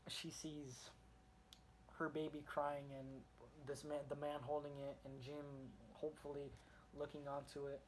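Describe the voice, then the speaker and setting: A man with a fairly high voice talks through a comic book review, hopping from scene to scene with eager energy. He rambles, restarts his sentences, and leans heavily on fillers as he goes. A faint hiss of noise sits under his voice. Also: normal speed, rough recording. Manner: excited retelling of the story.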